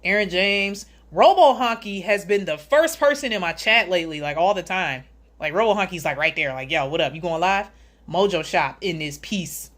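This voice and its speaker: A woman with a somewhat low voice hosts a relaxed livestream chat. She reads viewers' comments aloud and greets them one by one. Her talk is joking and sarcastic, broken up by easy laughter. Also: normal speed. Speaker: livestream host.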